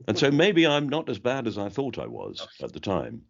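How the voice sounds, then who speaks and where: A man's voice: medium pitch, wildly swooping pitch, moderate pace. An older man from London with a trained posh English accent, chatting reflectively as an interview guest and often restarting his sentences. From London, England. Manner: reflective, rambling with many restarts. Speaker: interview guest, comedy actor. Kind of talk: casual chat. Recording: dull lo-fi sound.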